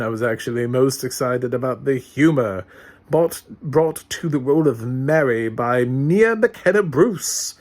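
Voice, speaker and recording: A man reviewing a film in a casual, hesitant way, with dry sarcasm and many pauses and fillers. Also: medium pitch. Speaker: film critic. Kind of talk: casual spoken movie review.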